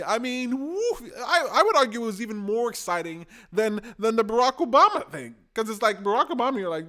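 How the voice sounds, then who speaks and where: A man, giving excitable, rambling political commentary for a video blog and often tacking on "man". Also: sits high, measured pace, long pauses. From Canada.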